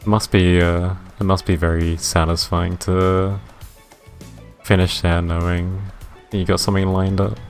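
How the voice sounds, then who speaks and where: A man streaming a game live, reading its narration in a deadpan way and chatting with viewers. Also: low voice, a little slow, soft background music.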